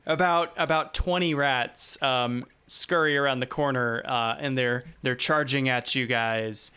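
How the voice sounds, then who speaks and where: A man running a tabletop game as game master, playful and halting, often breaking into laughter. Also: mid-range voice, steady tone, pushed and bright, clean tone.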